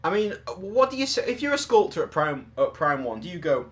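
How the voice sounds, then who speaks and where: A podcast host with a high voice talks fairly quickly, his pitch swinging widely. He rambles casually about collectible statues, cracking jokes at his own expense.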